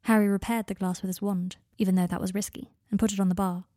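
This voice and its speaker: A woman calmly reading a romance story aloud as its narrator. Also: mid-range voice, quick pace, no room sound, clean studio sound. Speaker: fan fiction reader.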